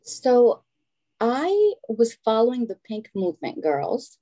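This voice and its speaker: A woman's voice: on the high side, very animated, slow, mellow. A middle-aged woman from Albania, talking as a guest in a casual conversation and telling stories frankly and with animation.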